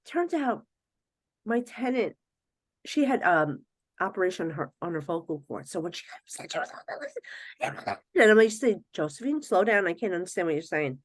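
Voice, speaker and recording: A middle-aged woman, a psychic medium guest on a podcast, telling stories in a casual, animated way, often acting out other people's voices and laughing. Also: fairly low pitch, moderate pace, pauses often, no echo. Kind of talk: casual storytelling in a podcast interview.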